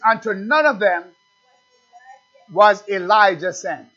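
A man's voice: high-pitched, lively intonation, measured pace. A man preaching a sermon, calling out questions and answering them in rising refrains. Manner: call-and-response, building to loud refrains. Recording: dull lo-fi recording with faint music.

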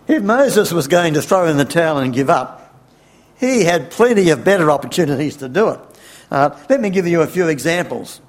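A man preaching a sermon, unhurried, asking rhetorical questions and chuckling wryly. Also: a little high, lively intonation.

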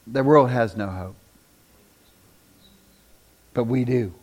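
A man's voice: medium pitch, takes it slowly. A man preaching a sermon to a congregation, telling stories, joking with the room and closing in prayer. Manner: animated, acts out people in quotes, jokes with the room.

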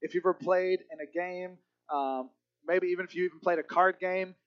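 High-voiced earnest male preacher. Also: steady tone, brisk, muffled recording. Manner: earnest, often drops to a low hush for emphasis. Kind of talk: sermon.

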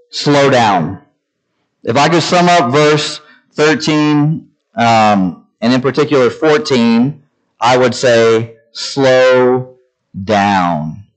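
A man preaching a sermon, slowing down to stress each word and shifting his delivery as he teaches. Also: medium pitch, rough recording. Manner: slow deliberate emphasis on each word, varied delivery. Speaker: pastor.

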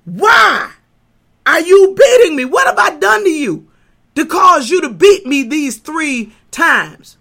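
Lady preacher putting on a whiny high talking donkey, loyal, shouts its questions. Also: big pitch swings, slow pace, vocal fry, heavily acted. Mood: pleading.

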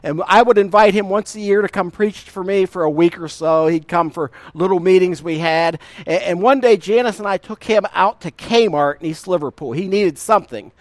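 A man's voice: sits high, no room sound. A middle-aged man preaching a sermon, telling folksy stories with a laugh and stretching out key lines. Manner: folksy storytelling with laughter and emphatic drawn-out verses. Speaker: pastor.

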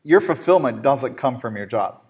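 A man of ordinary pitch hosts a faith-based talk show. He tells stories with growing animation and a lot of "uh" and restarts. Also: normal speed. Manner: animated storyteller with frequent fillers. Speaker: host.

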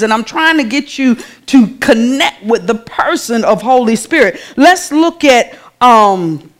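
A woman, preaching a sermon in a church in a conversational way, calling out to the congregation. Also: high voice.

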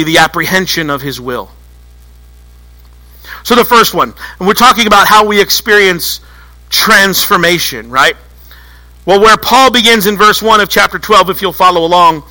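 A man preaching a sermon to a church congregation, telling stories in an animated way and acting out little voices. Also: high-pitched, moderate pace, low-quality recording. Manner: animated storytelling, acts out voices. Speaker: pastor.

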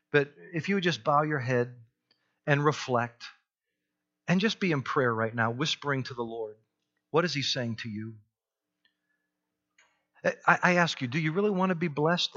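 Bright-voiced preaching man, lo-fi. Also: mid-range voice. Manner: emphatic, dramatic pauses, repeats key phrases. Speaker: pastor. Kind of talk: sermon.

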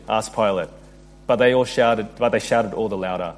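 A man preaching a sermon in an earnest, steady voice. He reads scripture aloud and builds in intensity as he speaks. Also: fairly low pitch, normal speed. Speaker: pastor.

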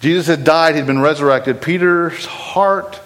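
Impassioned male preacher, slightly high voice. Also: a little slow, fairly bright tone, low-quality recording. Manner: blunt, impassioned, rising to urgent emphasis. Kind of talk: sermon.

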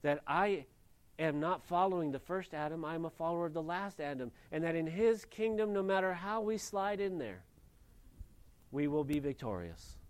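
A man preaching a sermon, moving between loud emphasis and quiet, low scripture reading and plain explanation. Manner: reads scripture aloud and explains it. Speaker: pastor.

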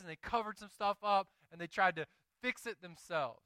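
A man with a Southern accent preaching a sermon in an animated, conversational way, slipping into quick acted asides. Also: high-pitched, clean tone, no echo, low-quality recording. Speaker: pastor.

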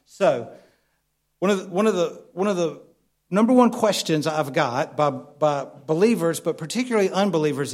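A man preaching a sermon in a conversational way, often asking the congregation questions. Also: on the high side. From United States. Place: church.

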